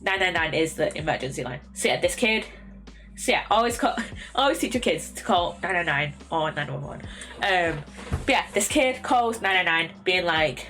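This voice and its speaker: Young English woman streamer, casual, rambling with many fillers, soft music underneath. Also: fairly low pitch, lively intonation, normal speed. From England. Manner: rambling, many ums and restarts. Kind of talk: casual chat.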